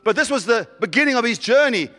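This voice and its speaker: Brief: man, pastor mid-sermon, high bright voice, fervent delivery. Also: expressive, quick pace, big-room sound, faint music behind. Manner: preaching with rising fervor and congregation callouts.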